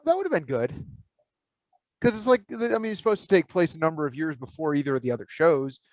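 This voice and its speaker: A man's voice: fairly high pitch, animated, fast talker, darkish tone. A man co-hosting a podcast in casual chat, laid-back and rambling, thinking aloud with lots of fillers. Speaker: podcast co-host.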